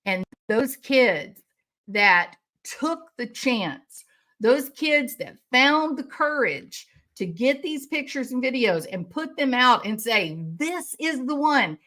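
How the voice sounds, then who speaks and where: Slow, indignant woman true-crime commentator. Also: fairly high pitch, lively intonation, pushed and bright. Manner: angry, indignant, sarcastic rants. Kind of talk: impassioned commentary.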